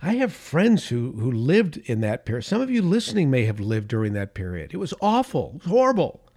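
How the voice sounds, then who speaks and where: A man, middle-aged or older, delivering an opinion monologue as a political commentator, emphatic, repeating key phrases for stress and dropping into soft asides. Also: mid-range voice, huge pitch swings, brisk.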